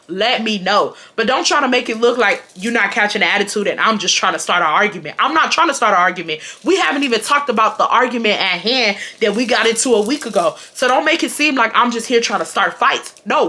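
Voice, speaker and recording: A woman's voice: a little high, pushed and bright. A young woman vlogger telling a storytime rant to camera, indignant and venting, with heavy slang and swearing.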